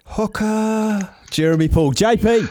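A man's voice: sits high, a little slow, darkish tone, no room sound. A man hosting a sports radio show, introducing his co-host and putting listener questions to him, laughing along easily.

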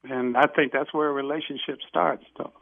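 A man's voice: medium pitch, steady tone, fairly quick, creaky, no room sound. A man calling in to a radio show, talking hesitantly and searching for words. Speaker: caller. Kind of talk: phone-in call. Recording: phone line.

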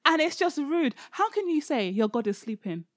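Animated woman retelling Bible stories. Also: high-pitched, moderate pace, no echo, clean studio sound. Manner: animated, laughing, acts out lines in quotes.

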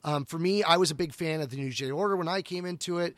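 A man's voice: fairly high pitch, quick pace, a bit bright, dry recording. A middle-aged man co-hosting a podcast, talking casually about books and often restarting his sentences. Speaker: podcast co-host. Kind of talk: casual book discussion.

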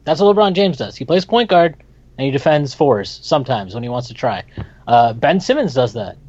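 A man's voice: medium pitch, expressive, a little fast, a little mellow, husky. A man co-hosting a casual sports talk show, blunt and emphatic, getting fired up as he argues. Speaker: podcast co-host. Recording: dull lo-fi sound.

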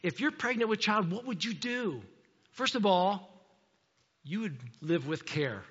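A man's voice: high voice, expressive, measured pace, fairly bright tone, slightly rough. A middle-aged man preaching a sermon as a pastor, telling stories animatedly, acting out voices and asking rhetorical questions. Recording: dull sound with long hall reverb.

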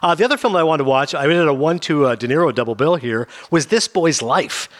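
A man hosting a radio show, chatting casually and quickly about movies, rambling and animated. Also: a little high. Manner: fast, rambling, animated with impressions. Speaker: radio host. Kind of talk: casual film talk.

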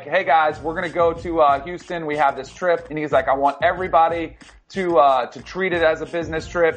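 A former football player co-hosting a casual sports talk show, telling stories with lots of fillers. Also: male voice, fairly high pitch, a little fast. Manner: animated storyteller, many fillers.

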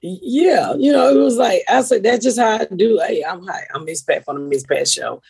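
Husky, foul-mouthed woman telling stories. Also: medium pitch, moderate pace, no room sound. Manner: profane, storytelling with animated quoted voices. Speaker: podcast host. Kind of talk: casual chat.

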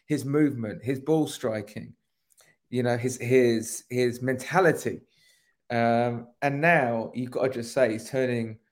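A man with an average pitch co-hosts a casual podcast. He talks in long, rambling, emphatic runs and swears now and then. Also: a little mellow. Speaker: podcast co-host.

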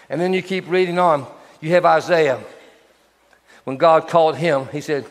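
A man preaches a sermon to his church, slightly high-voiced and animated. He slips into quick voices for biblical figures as he goes. The room rings with a long hall reverb. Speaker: pastor.

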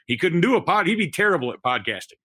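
A man with a somewhat high voice tells a long, rambling story on a podcast. He stops and restarts his sentences and keeps circling back. The sound is dry and close, with no room around it. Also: fast talker, husky, no room sound. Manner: rambling, animated storyteller with many restarts and fillers. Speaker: podcast co-host. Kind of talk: casual storytelling chat.

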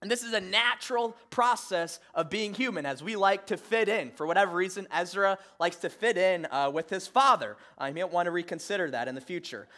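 A young Midwestern man from Michigan giving a conversational sermon as pastor, halting with frequent "uh" fillers and self-deprecating humor. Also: high voice, sharp tone. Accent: Midwestern American.

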